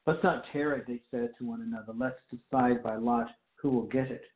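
A man preaching a sermon, reading scripture aloud and then explaining it with slow, deliberate emphasis. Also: medium pitch, fairly even intonation, a little hiss or hum. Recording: echoey, phone-like tinny sound.

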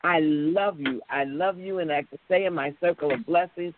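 Hosting a call-in radio talk show as a minister, a woman speaks fairly quickly in a fairly low voice, with warm church-style affirmations and frequent laughs. The broadcast sound is tinny, phone-like and dry, though the background is noisy.

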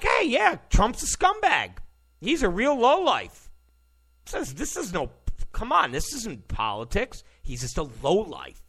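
A man's voice: sits high, vocal fry, sharp tone. A man hosting ranting political commentary, sarcastic and mocking, who mimics opponents in exaggerated voices.

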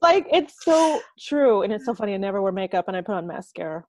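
A woman's voice: mid-range voice, sing-song, fast talker, slight background noise. A woman guest on a podcast, effusive and emotional, talking with an old friend. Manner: effusive, emotional, laughs often. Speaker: guest, energy healer. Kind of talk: casual chat.

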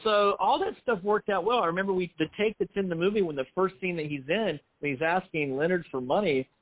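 Over a tinny, phone-like line without echo, a middle-aged film writer-director talks briskly in a high-pitched voice. The interview is casual, and he rambles self-deprecatingly, restarting his sentences many times.

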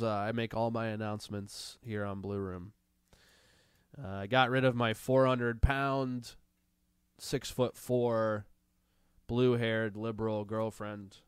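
A man hosts a casual stream and mocks news clips with heavy sarcasm. His voice is smooth and resonant, recorded close and dry with no room sound. He jumps from loud jeering to low muttering as he reads out chat messages. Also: no room sound. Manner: sarcastic, mocking, swings from loud outbursts to muttering. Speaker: streaming show host reacting to clips and chat. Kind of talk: casual commentary over clips, reading chat.

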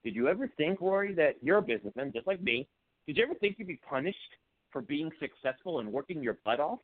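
Fired-up male caller, a bit hoarse, phone-quality audio. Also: a little high, sing-song, fast, dry recording. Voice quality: voice turning hoarse. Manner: heated, fired-up. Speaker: call-in guest. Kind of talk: political call-in rant. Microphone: phone call. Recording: tinny phone line.

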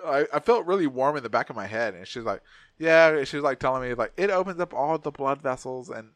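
In a dry recording, a fast-talking man with a mid-range voice co-hosts a podcast, swearing casually as he tells a story. He gets animated and acts out the voices of the people in the anecdote.

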